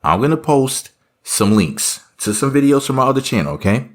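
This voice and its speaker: A man's voice: medium pitch, sing-song, moderate pace. A man giving casual reaction commentary, rambling and sarcastic, full of offhand asides.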